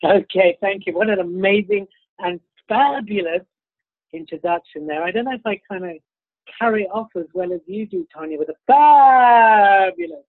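A man's voice: sits high, normal speed, no echo. A British man giving an upbeat, self-promoting keynote talk, slightly congested with the sniffles. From United Kingdom. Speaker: keynote speaker. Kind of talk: motivational presentation. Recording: tinny phone-like dry line.

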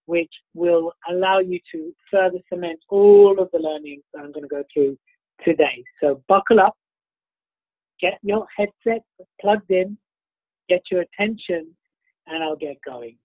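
A man's voice: sits high, big pitch swings, a little slow, no room sound. A British man giving an upbeat, self-promoting keynote talk, slightly congested with the sniffles. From United Kingdom. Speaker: keynote speaker. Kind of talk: motivational presentation. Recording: tinny phone-like dry line.

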